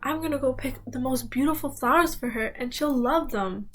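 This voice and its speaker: A woman's voice: sits high, normal speed. A woman voicing a cheerful, trusting young girl in a fairy tale who talks eagerly. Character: Little Red, cheerful naive young girl.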